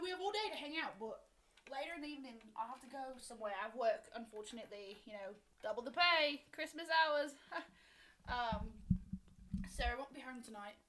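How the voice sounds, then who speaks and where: A woman's voice: fairly high pitch, sharp tone, low-quality recording. A woman playing in a tabletop game, brash, joking and swearing. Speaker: player. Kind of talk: tabletop role-play.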